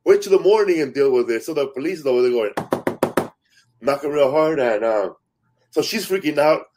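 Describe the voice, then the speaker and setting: This comedian talks fairly quickly in a fairly high voice, telling stories in a relaxed, chatty way. He gets animated acting out what people said, and he swears a lot.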